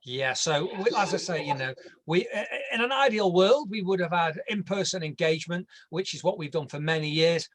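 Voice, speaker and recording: A man's voice: fairly high pitch, lively intonation, a little fast, a bit bright. A man with an English accent presenting a landscape design online in a chatty, jokey way, sometimes tripping over his words.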